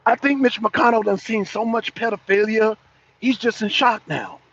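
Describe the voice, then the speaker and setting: A man on a political talk show ranting loudly, swearing and repeating himself, sometimes breaking into laughter. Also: high-pitched, normal speed, slightly rough. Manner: loud, profane, repetitive ranting. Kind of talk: heated political rant. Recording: dull lo-fi stream audio.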